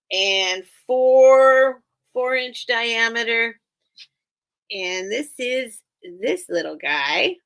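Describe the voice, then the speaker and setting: Slow, gravelly-voiced woman chatting. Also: a little high, lively intonation, fairly bright tone. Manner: chatty, rambling, giggles often. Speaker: online seller hosting a live sale. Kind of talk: casual live-stream sales chat.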